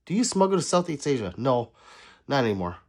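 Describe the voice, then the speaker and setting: A man with a husky, slightly rough voice that swings widely up and down as he talks. He chats casually on a livestream, reading viewers' comments and bantering back with a joking edge. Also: mid-range voice, big pitch swings, a little fast, darkish tone.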